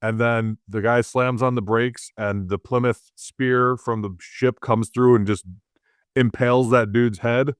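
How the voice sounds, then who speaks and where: Excitable man in casual film chat. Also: unhurried, smooth, no room sound, studio quality. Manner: excitable, jumps high when mimicking reactions. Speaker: podcast co-host reviewing a film.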